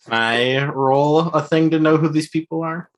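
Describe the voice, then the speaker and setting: A married adult man, a player in a tabletop game, chatting casually with quick asides. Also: a little high.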